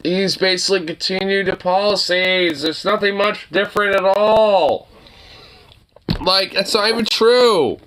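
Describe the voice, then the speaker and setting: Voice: medium pitch, measured pace, fairly bright tone. A young adult streamer reacting live to a political debate, mocking it with profane outbursts, laughter and stammering.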